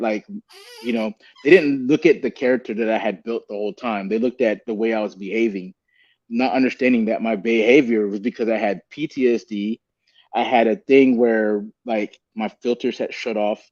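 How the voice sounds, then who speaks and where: A man's voice: medium pitch, darkish tone, highs cut off. A man speaking as a podcast guest, earnest and rambling, often calling the host "man" and "bro". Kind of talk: candid podcast conversation.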